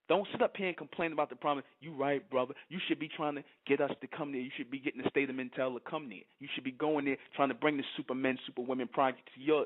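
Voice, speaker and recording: A middle-aged man, hosting an internet radio show and preaching in a fiery monologue that keeps asking "you understand?". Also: mid-range voice. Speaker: radio host. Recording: tinny phone-line audio.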